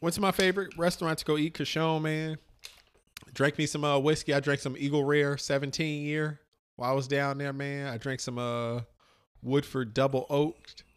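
A man's voice: fairly high pitch, normal speed, clean tone. A middle-aged man, co-host of a podcast, chatting casually and profanely about his trip, acting out what people said. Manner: animated storytelling, acts out quotes.

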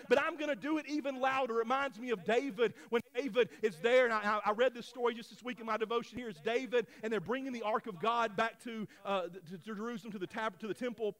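Male pastor, 30s, very high pitch, sermon that swings from hushed to shouting. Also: quick pace, hardly any pauses. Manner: swings from low storytelling to shouted preaching. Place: church sanctuary.

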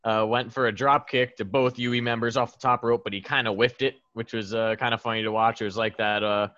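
A man's voice: mid-range voice, steady tone, brisk, bright, forceful tone, no room sound. Rambling man on a dull lo-fi mic. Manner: rambling and chuckling, with lots of ums. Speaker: podcast co-host. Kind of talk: casual wrestling recap chat.

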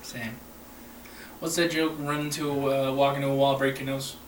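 A man's voice: medium pitch, little pitch movement, normal speed, far from the mic, slight background noise. A man co-hosting a casual podcast chat, easygoing and agreeable. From Mexican heritage. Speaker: podcast co-host. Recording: echoey room, off-mic.

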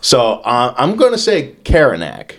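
A man's voice: medium pitch, huge pitch swings, a little slow, vocal fry. A man co-hosting a podcast, rambling and joking with plenty of profanity. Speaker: podcast co-host. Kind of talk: casual comedic chat.

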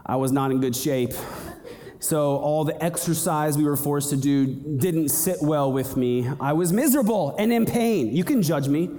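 A young male pastor with a high, light voice preaching with lively energy, slipping into quick acted-out voices. His words ring out with a long hall reverb around them. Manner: animated, acts out little scenes and voices. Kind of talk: sermon.

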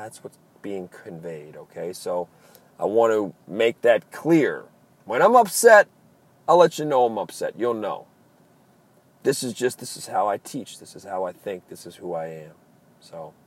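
A man from Maryland with an East Coast American accent, hosting a motivational podcast with intense, driven delivery and emphatic repetition, recording from a car in traffic. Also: on the low side. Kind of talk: motivational monologue.

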